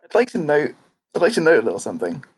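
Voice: mid-range voice, wildly swooping pitch, racing, a little mellow, husky. A player in a tabletop game making wry, joking remarks. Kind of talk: casual tabletop game play.

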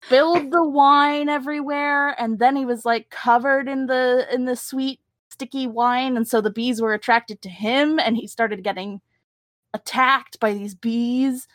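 A woman playing a tabletop game, telling her character's backstory in a slow, laid-back way. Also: on the high side, steady tone, no echo. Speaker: player. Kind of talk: tabletop role-play.

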